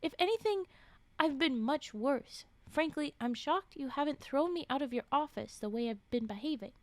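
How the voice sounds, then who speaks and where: A woman's voice: high voice, animated, normal speed, no room sound. Woman reading as a probing woman professor. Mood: pleading. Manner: probing, earnest. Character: blunt, searching woman professor, concerned.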